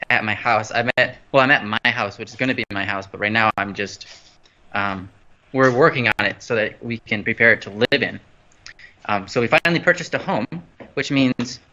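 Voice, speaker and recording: A man's voice: mid-range voice, sharp tone. A man hosting a casual livestream over his phone from an empty new house, rambling playfully and losing his train of thought. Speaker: host. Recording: slightly dull lo-fi phone stream audio.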